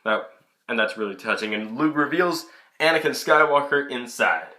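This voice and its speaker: A man's voice: medium pitch, moderate pace. A young man giving a casual, chatty film review into his camera. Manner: chatty, excitable, many restarts. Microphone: camera mic.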